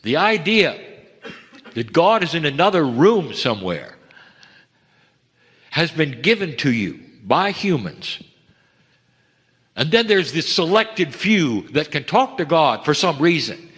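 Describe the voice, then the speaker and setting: A man giving a channeled spiritual message to an audience, speaking gently and measured, with emphatic pauses and calling listeners dear ones. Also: a little high, big pitch swings, husky. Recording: long hall reverb.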